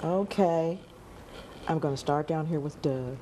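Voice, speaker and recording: A woman's voice: deep voice, a little slow, warm tone, a little hiss or hum. A woman hosting a family game show on local television, upbeat and chatty with frequent laughter.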